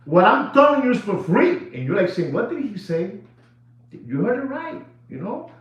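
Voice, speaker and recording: A high-voiced watch dealer speaks at normal speed in an excited, unscripted monologue for his video. He repeats himself, shouts, laughs and mixes in Spanish, and the room sounds echoey and dull.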